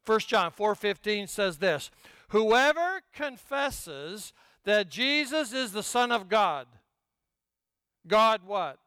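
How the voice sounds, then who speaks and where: An older man preaching a sermon, telling stories with humor and swinging from hushed asides to shouted peaks. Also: sits high, sing-song, takes it slowly, clean tone, no echo. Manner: storytelling with humor. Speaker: pastor.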